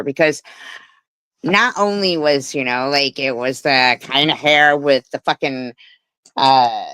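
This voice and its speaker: A woman's voice: rumbling low, a little slow, fairly bright tone, clean tone, no room sound, low-quality recording. A middle-aged woman hosting a live stream, telling a rambling story with swearing and laughs. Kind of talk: casual live stream chat.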